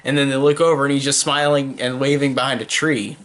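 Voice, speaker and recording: A man's voice: medium pitch, flat delivery, fairly quick, fairly bright tone. Casual male reviewer, loose and unscripted, filler-heavy, eager and gushing. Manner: rambling, heavy use of "like" and "um"; enthusiastic, gushing praise. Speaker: horror movie reviewer.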